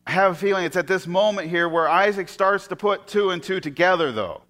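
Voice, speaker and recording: A male preacher with a fairly high voice who tells a scripture story in a sermon. He draws listeners in, and his voice often sinks to a soft hush. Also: a little fast. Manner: storytelling, often drops to soft, hushed tones.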